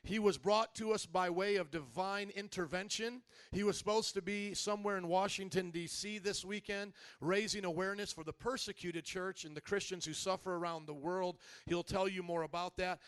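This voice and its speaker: A man's voice: high voice, fairly bright tone, smooth. A man, the host pastor, introducing a guest speaker to his church in an upbeat, joking way. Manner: upbeat, joking, rallying the crowd. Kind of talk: church announcement.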